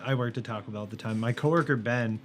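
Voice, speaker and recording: A young man, a podcast co-host, telling a story in casual chat and dropping deadpan quips. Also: medium pitch, fast talker. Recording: faint background noise.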